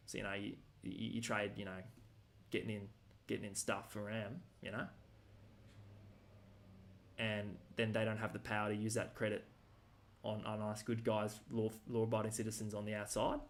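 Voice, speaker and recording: A man's voice: on the low side, level tone, a little fast. Rambling Australian man, slangy rant. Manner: rambling, slangy, many fillers and restarts. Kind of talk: casual ranting monologue.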